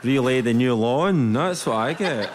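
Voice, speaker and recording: A man's voice: medium pitch, expressive, measured pace, a little hiss or hum. A Scottish man on a comedy panel telling a rambling family anecdote.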